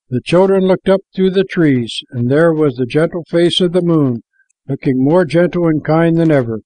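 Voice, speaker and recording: A man with a somewhat high voice reads a children's tale aloud, calm and measured. The recording is close and dry, with no room echo. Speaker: storyteller. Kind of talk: storybook read-aloud.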